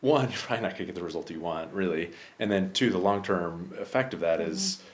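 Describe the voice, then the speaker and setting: A man who is a guest on a podcast, speaking in a relaxed, hesitant way with many fillers. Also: sits low, fast talker. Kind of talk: casual podcast conversation.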